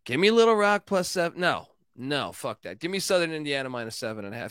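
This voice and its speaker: A man's voice: on the high side, sing-song, fast talker, fairly bright tone, clear, resonant tone, no echo, studio quality. A man hosting a casual sports betting show, loose and joking, swearing and laughing as he gives his picks. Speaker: sports betting podcast host.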